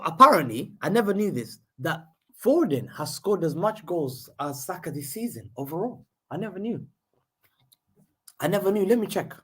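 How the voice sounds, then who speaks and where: A man hosting a live football watchalong, calling the play and chatting, excitable and slangy, repeating himself as the action unfolds. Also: on the high side, husky. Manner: excitable, slangy, repeats phrases, jumps between play-by-play and chat. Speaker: fan host of a live match watchalong.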